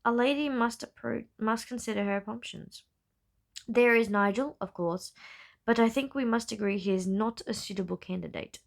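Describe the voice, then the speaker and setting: A woman's voice: mid-range voice, expressive, normal speed, vocal fry, a bit bright. A woman reading the lines of a witty, teasing young society lady in a novel narration, only slightly lifting her own voice. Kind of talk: audiobook-style novel reading.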